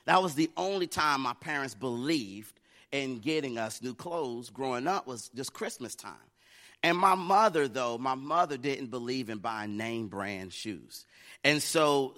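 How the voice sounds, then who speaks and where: A man's voice: medium pitch, a bit bright. A middle-aged man from the United States preaching a sermon, telling a family story in a conversational way that builds to fervent preaching. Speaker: pastor.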